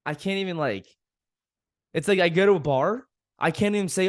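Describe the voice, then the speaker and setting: On his casual solo podcast, a young male host talks frankly at a moderate pace in a high voice, venting with plenty of swearing and self-directed laughter. It's studio quality with no echo.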